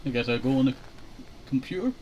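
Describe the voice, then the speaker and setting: A man's voice: mid-range voice, quick pace, darkish tone, lo-fi sound, slight background noise. A young man casually chatting while playing a shooter game, laid-back and rambling, chuckling often. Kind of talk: casual gaming commentary.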